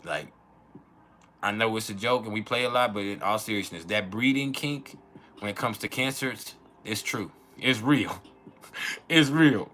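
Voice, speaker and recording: Profane animated man with a bright voice. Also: on the low side, normal speed, slight background noise. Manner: profane, animated, laughs often, acts out quoted arguments. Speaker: astrology channel host. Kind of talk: casual unfiltered chat.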